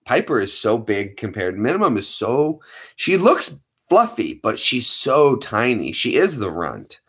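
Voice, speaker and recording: Animated, chatty man live-streaming. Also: medium pitch, measured pace, slightly rough. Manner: chatty, animated, playful asides to viewers. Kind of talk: casual live-stream chat.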